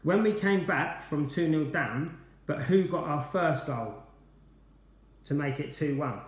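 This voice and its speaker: A cheerful man runs a quiz over a live stream, chatting and calling out viewers' names between questions. His voice sits a bit high for a man. The room around him is echoey. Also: a little slow. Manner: chatty, upbeat, greeting viewers by name. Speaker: quiz host, former player.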